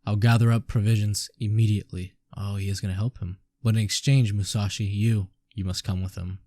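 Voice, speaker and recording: A stern older samurai lord gives brisk orders, read out by a man. The voice is low and mellow, recorded close and dry, from a comic read-aloud. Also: steady tone, dry recording, lightly acted. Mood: commanding.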